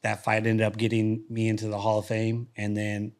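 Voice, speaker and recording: A man's voice: fairly low pitch, completely flat delivery, normal speed. A man telling stories in a casual studio interview, speaking loosely with frequent restarts and repeated words. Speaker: guest, former fighter and coach. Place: podcast studio.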